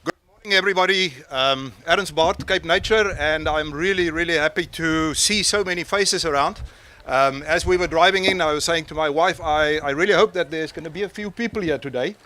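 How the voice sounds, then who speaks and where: A man gives a formal welcome speech outdoors at a coastal penguin colony. His voice sits a little high, and he speaks haltingly into a handheld microphone, pausing and restarting often. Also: pushed and bright. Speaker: conservation official opening an event. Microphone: handheld microphone into a public address.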